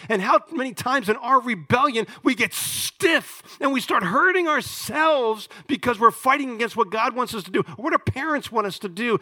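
A male preacher with a high, bright, forceful voice delivers a sermon. He talks conversationally, full of restarts and rhetorical questions, and swings from loud emphasis to hushed asides.

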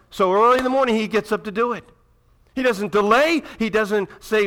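A man preaching a sermon to a congregation, reading scripture aloud and swinging from loud, urgent passages to hushed, dramatic ones. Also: sits high, moderate pace. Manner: reads scripture aloud, addresses the congregation directly. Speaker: pastor.

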